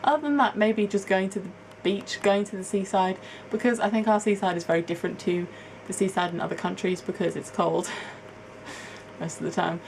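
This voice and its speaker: A woman's voice: lowish voice, slight background noise, rough recording. Chatty young woman from England. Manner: chatty, rambling, laughing at herself. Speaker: vlogger. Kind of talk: casual chat to camera, answering a tag.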